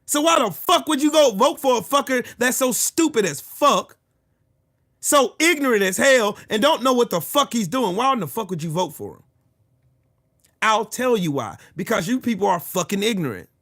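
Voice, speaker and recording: Furious profane man ranting, high-pitched. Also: very animated, normal speed. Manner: furious, profane, shouting at commenters. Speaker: live-stream host. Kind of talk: angry political rant to live chat.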